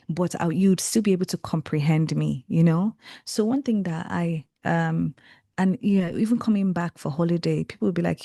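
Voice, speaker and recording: A woman's voice: lowish voice, brisk, no room sound, clean studio sound. A young Nigerian woman talking in a casual interview, reflective and earnest, often restarting her sentences. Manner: earnest, reflective, animated with frequent self-corrections. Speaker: guest, creative and tarot reader.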